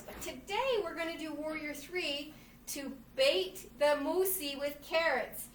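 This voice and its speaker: Bright-voiced woman reading to kids. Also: high voice, distant mic, a little hiss or hum. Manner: animated, playful, addresses children as friends. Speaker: children's yoga instructor. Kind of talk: storybook reading with guided kids' yoga. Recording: echoey room, voice off-mic.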